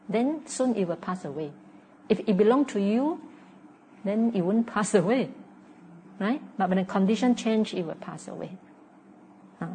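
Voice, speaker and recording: A woman gives a Buddhist dharma talk, explaining meditation patiently in plain, repeated sentences. Her voice is warm and mellow at a mid pitch, and her English has non-native phrasing. She checks in with "huh?" and "okay?" and acts out her students' inner complaints, over a faint hiss in the background. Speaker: meditation teacher.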